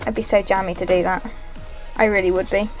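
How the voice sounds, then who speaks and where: This young woman's mid-range voice moves little in pitch, and she talks fast as she opens booster packs for her channel. She's chatty and giggly, saying each card more than once as she reads it. There's faint music behind her.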